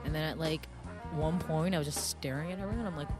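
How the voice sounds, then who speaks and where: A woman's voice: low voice, quick pace, music in the background. A woman in casual chat, telling a story animatedly and acting out quotes.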